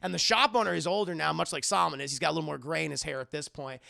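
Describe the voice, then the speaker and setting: A man casually recapping a film for his stream chat, telling it in an animated, profane way. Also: a little high, very fast, creaky, no room sound, studio quality. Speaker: movie reviewer streaming to chat.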